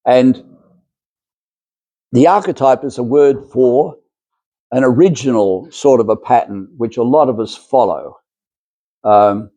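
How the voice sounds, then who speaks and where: A man's voice: medium pitch, warm tone, dry recording. A man giving a spiritual lecture to a small group, talking in a rambling, hesitant way with many fillers and restarts.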